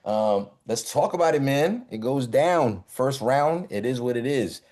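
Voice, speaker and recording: A man's voice: mid-range voice, expressive, a little slow, darkish tone. A man hosting a hip hop album battle show, chatty and loose, laughing often as he talks to the chat. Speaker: host.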